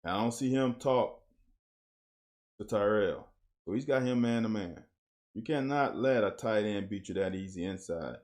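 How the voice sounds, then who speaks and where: A man's voice: fairly low pitch, moderate pace, long pauses. Blunt man breaking down football film. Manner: coach-like, blunt, animated on big plays. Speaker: host breaking down game film. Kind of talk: casual football film commentary.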